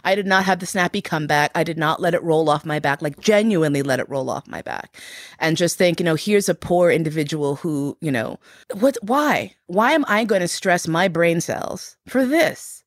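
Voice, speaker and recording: A woman with a slightly low voice speaks candidly as an interview guest, reflective and frank. She grows animated as she retells events. The sound is dry and close, with no room around it. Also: moderate pace, no room sound. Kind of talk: candid personal storytelling.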